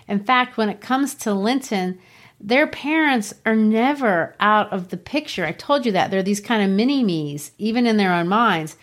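A woman co-hosting a casual book discussion, chatty and animated, often laughing. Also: medium pitch. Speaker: book podcast co-host.

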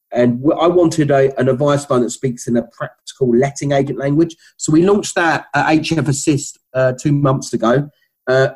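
A man's voice: mid-range voice, darkish tone, breathy edge, poor audio. A middle-aged man with a Cockney accent, a company founder chatting as an interview guest, rambling with many restarts. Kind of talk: casual interview talk.

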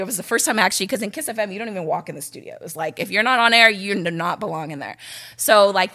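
Bright-voiced chatty woman from Los Angeles. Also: mid-range voice. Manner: animated, chatty, heavy use of "like". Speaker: radio personality, guest. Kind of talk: casual storytelling.

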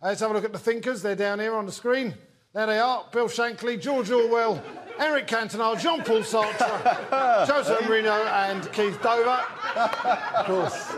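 A man's voice: high voice, normal speed, a bit bright, some chatter behind. A man hosting a comedy panel show, joking and laughing often. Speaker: host. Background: audience laughter.

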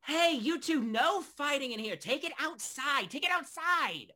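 A man's voice: a little high, big pitch swings, normal speed, a bit bright, voice pushed up. A man voicing a friendly, harried male tiefling barkeep in a tabletop game, talking in hesitant, apologetic restarts. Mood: shouting.

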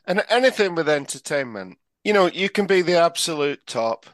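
A man's voice: fairly high pitch, very animated, normal speed, fairly bright tone, no echo. A man co-hosting a comedy podcast, chatting casually, joking and laughing often. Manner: jokey, laughs often, does puppet voices. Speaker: podcast co-host.

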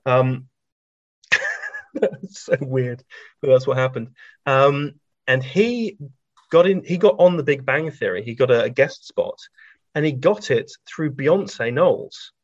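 A man telling anecdotes in a relaxed interview, chatty, full of ums and restarts, laughing at his own stories. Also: medium pitch, slow, long pauses, no echo. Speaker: science author and guest. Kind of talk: anecdotal conversational storytelling. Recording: dry, slightly dull lo-fi recording.

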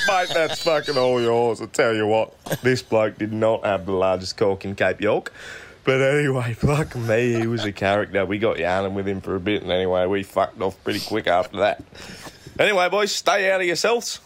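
A man's voice: on the low side, lively intonation, moderate pace, a little hiss or hum. An Australian man leaving a casual voice message, telling a rowdy story and swearing constantly. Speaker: caller sending a voice message.

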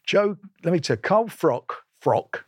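A man's voice: sits high, lively intonation, a little slow, breathy edge, no room sound. Older man, blunt, emphatic, repeats himself, dry recording. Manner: emphatic, repetitive, combative, stumbles and restarts. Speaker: boxing promoter, guest. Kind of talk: blunt interview storytelling.

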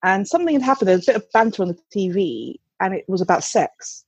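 Husky-voiced mum telling a candid story. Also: female voice, medium pitch, sing-song, fast, darkish tone, no room sound, poor audio. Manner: candid, chatty storytelling with swearing and restarts. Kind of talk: casual anecdote.

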